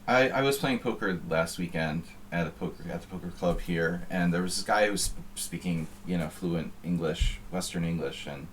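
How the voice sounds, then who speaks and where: A man's voice: sits low, normal speed, few pauses, slight background noise. A man streaming chess, chatting in a rambling, wry, offhand way between moves. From United States. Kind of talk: casual chat while playing online chess.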